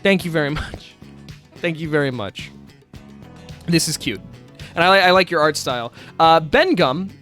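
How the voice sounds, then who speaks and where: A man's voice: fairly high pitch, very animated, moderate pace, pauses often, fairly bright tone, soft background music. A man streaming live, chatting casually, laughing often and swearing as he rambles.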